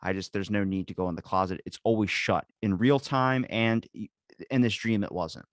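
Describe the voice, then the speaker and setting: A man's voice: lowish voice, moderate pace, no room sound, studio quality. Profane rambling man telling a story. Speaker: podcast host. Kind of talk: casual chat. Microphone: video call.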